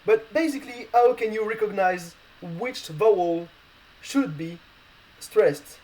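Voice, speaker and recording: A man talks through a language lesson in a relaxed, unscripted way. His voice is warm and mellow, and he hesitates constantly, filling gaps with "uh" and "um" as he works out each explanation patiently. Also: sits high, low-quality recording. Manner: hesitant, many fillers and restarts. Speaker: language teacher. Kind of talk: casual spoken lesson.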